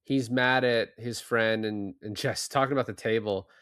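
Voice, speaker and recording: Man, podcast co-host, middle pitch, casual movie chat, dry close mic. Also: steady tone, moderate pace, fairly bright tone, clean tone, no room sound. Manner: retells scenes, acting out lines.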